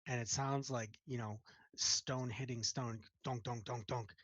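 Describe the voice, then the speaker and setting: A man's voice: mid-range voice, fairly even intonation, measured pace, fairly bright tone, no echo. A man narrating as game master of a tabletop role-playing game in a casual, vivid way.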